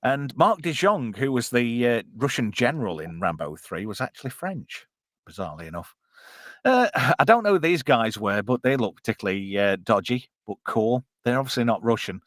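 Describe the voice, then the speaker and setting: A man's voice: mid-range voice, sing-song, normal speed, a bit bright, no room sound, studio quality. A man hosting a casual, jokey live-stream commentary on a film. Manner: chatty, jokey, puts on silly voices. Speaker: podcast co-host.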